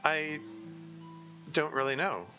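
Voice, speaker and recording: Shy, halting teen schoolgirl, read by a man, raised and bright, slightly dull audio. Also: fairly high pitch, soft background music, voice pushed up, full character voice. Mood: bashful. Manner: hesitant, halting with ums. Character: shy teenage schoolgirl, soft-spoken and self-conscious.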